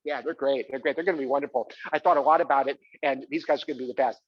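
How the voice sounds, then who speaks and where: A man voicing a woman friend from high school, who talks in a chirpy, breezy way. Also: steady tone, racing, breathy edge, no echo, close to an everyday voice. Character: breezy woman friend casting her own pals. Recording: dull live theater recording.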